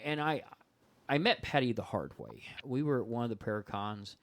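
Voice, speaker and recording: A man talking casually as a podcast guest, spinning a story and slipping into voices for each person he quotes. His pitch swings widely as he talks, and the close microphone sounds dry with no room echo. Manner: animated, acts out dialogue in voices.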